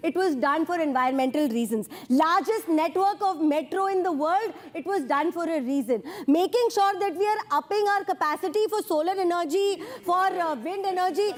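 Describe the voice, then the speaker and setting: A female party spokesperson argues in a heated TV debate. Her voice is very high, and she presses on insistently, refusing to yield the floor. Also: a little fast, hardly any pauses.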